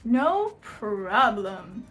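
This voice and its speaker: A woman's voice: medium pitch, big pitch swings, extremely slow, fairly bright tone, soft background music, voice pushed down, exaggerated voice. A woman voicing a smug husband in a hammy, put-on odd accent.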